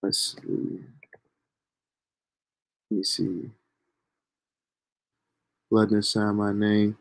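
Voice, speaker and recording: A young man telling a story from his own life in a casual, animated, profane way. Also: lowish voice, extremely slow. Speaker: storyteller streamer.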